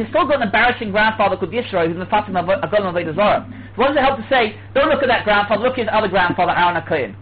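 High-pitched male Torah teacher, animated, heard on a thin phone-quality line. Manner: animated, acts out voices, restarts often. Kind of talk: Torah class lecture. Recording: tinny phone-like line with faint hiss.

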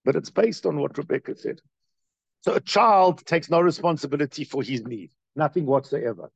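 A man giving a Torah class as its teacher, in an animated, questioning way full of rhetorical questions. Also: on the high side, moderate pace, vocal fry, breathy edge, no echo.

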